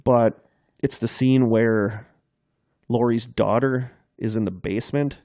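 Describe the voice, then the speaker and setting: A man's voice: mid-range voice, fairly even intonation, slow, mellow, no echo, clean studio sound. A man co-hosting a podcast in casual chat, retelling scenes in eager detail. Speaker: podcast co-host.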